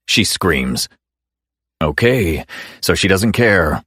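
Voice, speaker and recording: A man narrating a first-person romance audiobook in a wry, teasing, measured way. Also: extremely low pitch, lively intonation, a bit bright, husky, dry recording, studio quality.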